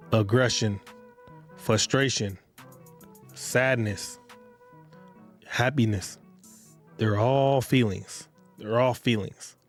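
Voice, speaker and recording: A man's voice: mid-range voice, darkish tone, no echo. Host, male, blunt repetitive lecturing delivery, dry close-mic sound. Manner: blunt, repetitive, street slang, addresses listeners directly. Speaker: podcast host. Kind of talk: casual monologue podcast.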